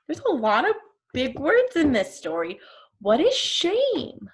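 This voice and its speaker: A woman's voice: medium pitch, sing-song, a little slow. A woman teacher reading a storybook to her class, stopping to explain words and ask questions.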